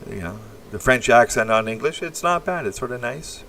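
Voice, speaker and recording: A man's voice: medium pitch, lively intonation, moderate pace, fairly bright tone, recorded from a distance, slight background noise. Blunt, rambling man on a livestream. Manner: rambling, blunt and crude, reacting to the chat. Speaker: livestream host. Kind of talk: casual live-stream chat.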